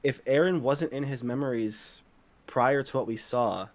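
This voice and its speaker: A man chatting casually among friends on a podcast. He speaks at an ordinary mid pitch, rambles as he thinks, swears freely and rushes ahead when something excites him. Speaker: podcast co-host.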